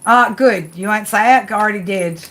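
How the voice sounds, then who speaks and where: A woman's voice: mid-range voice, normal speed, a bit bright. A woman doing live tarot readings, chatty and rambling, often restarting her sentences. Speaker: tarot reader.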